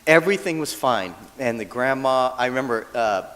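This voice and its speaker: A man's voice: mid-range voice, moderate pace. A male minister giving a casual, humorous dharma talk, often checking in with the audience. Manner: animated, acts out quoted voices, asks audience "right?". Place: church hall. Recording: long hall reverb.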